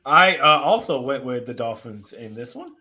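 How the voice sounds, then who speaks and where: Bright-voiced man hosting picks round. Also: mid-range voice, sing-song, moderate pace. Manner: calls on each panelist in turn with a nickname. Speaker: podcast host running picks. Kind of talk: casual podcast chat.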